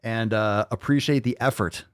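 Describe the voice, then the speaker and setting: A man's voice: on the low side, normal speed, smooth, no echo, clean studio sound. A man hosting a podcast, ranting casually with heavy swearing and repeating phrases for emphasis. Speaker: podcast host.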